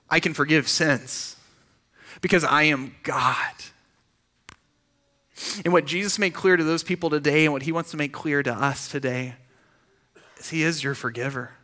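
A man delivers a sermon in an easy, conversational manner. His voice is bright and sits a touch high. He restarts phrases often and keeps asking the room questions. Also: normal speed, pauses often. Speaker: pastor.

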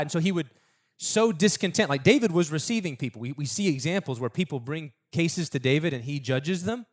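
A man's voice: a little high, animated, fairly quick. A man preaching a sermon in a casual, conversational storytelling way, acting out the people in the story.

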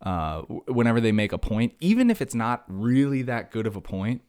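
A young man hosting a solo podcast, ranting fast and sarcastically, jumping from one tangent to the next. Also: mid-range voice, sing-song, a little mellow, dry recording, clean studio sound. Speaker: podcast host.

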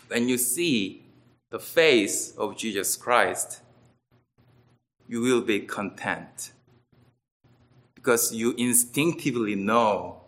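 Slow, bright-voiced man preaching. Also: a little high. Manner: earnest, emphatic, with wide swings between loud and quiet. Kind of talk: sermon.

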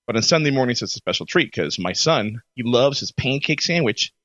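A man co-hosting a podcast, telling lively stories in casual chat and laughing often. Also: medium pitch, brisk, dry recording, highs cut off. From Florida. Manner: animated storyteller, laughs often. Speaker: podcast co-host.

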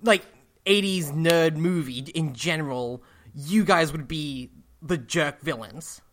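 A woman in a casual chat, teasing and quick-witted, laughing often. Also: low-pitched. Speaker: podcast co-host.

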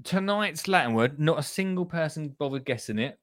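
A man with a slightly high, animated voice talks briskly while hosting a gardening show, in casual radio-style chat. He's chatty and jokey, throwing in asides to listeners. The studio-quality sound has no echo.

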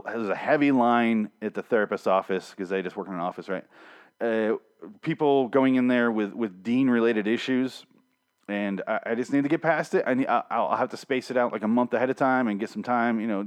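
Sarcastic, swearing man reviewing a show. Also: medium pitch. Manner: sarcastic, swears freely, mocks the episode. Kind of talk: casual solo review podcast.

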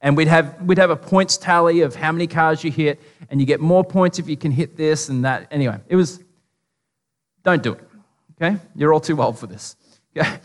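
A man's voice: on the high side, a little fast. A man with an Australian accent preaching a casual, humorous sermon, full of stories and asides. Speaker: pastor. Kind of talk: conversational sermon. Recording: long reverb of a large hall.

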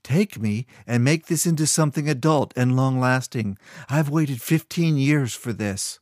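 A man's voice: medium pitch, measured pace, a little mellow, no echo, studio quality, pitched above the performer's own voice, natural voice. A man voicing a bold, fiery young woman. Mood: forceful. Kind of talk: audiobook character voice.

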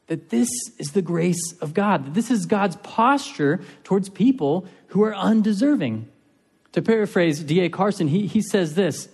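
A fairly high-voiced male preacher delivers a sermon in an earnest way, often doubling back on his words to press a point. His voice has a husky edge, and it rings out with a long echo as if in a big church hall. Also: expressive, moderate pace, darkish tone. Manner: earnest, repeats and restarts phrases for emphasis.

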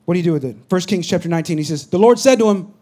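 A man, preaching a sermon as pastor. His voice sits high for a man, and he swings from loud, urgent bursts down to low, confiding asides. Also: lively intonation, rapid-fire.

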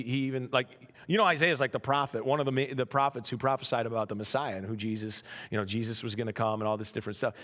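A man's voice: medium pitch, fairly bright tone. A man preaching a conversational sermon as pastor, often restarting words and checking in with "right?".

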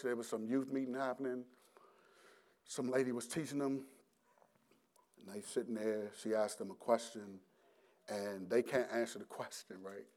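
In a mid-range voice, a middle-aged man preaches a personal testimony with animated, halting delivery. He frequently starts his words over, plays out his past self, and laughs as he goes.

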